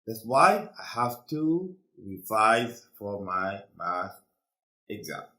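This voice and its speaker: A man's voice: on the low side, big pitch swings, sharp tone, reverberant. A man teaching a class who keeps checking his students follow along, speaking. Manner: slow, checks understanding with "okay?". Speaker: English teacher. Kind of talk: classroom lesson.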